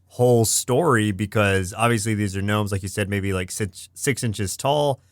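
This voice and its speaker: A man co-hosting a cartoon podcast, talking in a relaxed, drawn-out way with many fillers. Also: lowish voice, no echo, clean studio sound. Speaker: podcast co-host. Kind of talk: casual chat about cartoons.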